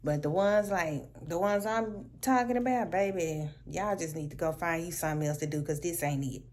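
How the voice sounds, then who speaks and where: A woman telling a casual storytime vlog at home, animated and sassy, laughing often. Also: fairly low pitch, normal speed. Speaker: vlogger.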